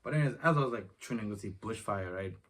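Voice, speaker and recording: This young vlogger's voice is on the low side, expressive and fast as he rambles through a slangy story, acting out who said what. He's recording in a room at home on his phone camera, whose distant mic leaves faint noise.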